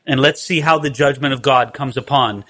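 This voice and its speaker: A man's voice: mid-range voice, normal speed, sharp tone. A man teaching a Bible study in a conversational way, with wry asides.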